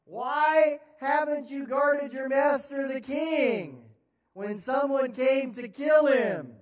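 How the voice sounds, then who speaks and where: A man voicing a bold young male warrior who taunts and shouts in a mocking way. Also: very high voice, slow pace, pitched above the performer's own voice. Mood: taunting shouts. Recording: roomy sound from a distant mic.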